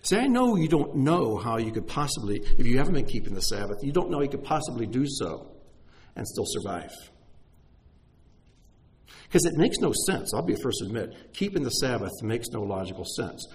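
Animated, lively-pitched male preacher. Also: normal speed. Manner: animated, emphatic preaching with direct address to listeners. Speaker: pastor. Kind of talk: sermon.

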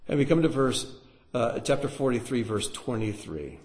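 A male preacher teaches through scripture with a lively, swooping delivery. He drops to quiet, slow asides for weight, then climbs back up. His speaking pitch sits in the middle. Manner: animated, dramatic, acts out voices. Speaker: Bible teacher.

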